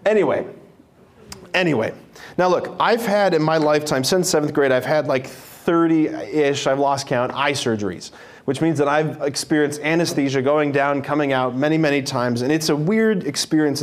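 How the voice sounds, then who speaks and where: Chatty man giving a spiritual talk. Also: fairly high pitch. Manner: chatty, self-interrupting, laughs often. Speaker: speaker at a parish faith program. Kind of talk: informal spiritual talk to a group.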